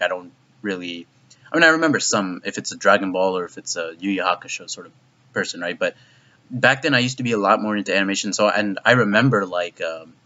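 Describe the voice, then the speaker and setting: Low-voiced excitable man, rambling and profane. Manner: rambling and profane, heavy use of "like"; excitable, voice jumps up in disbelief. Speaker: anime reviewer. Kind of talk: casual video review. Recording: dull lo-fi recording.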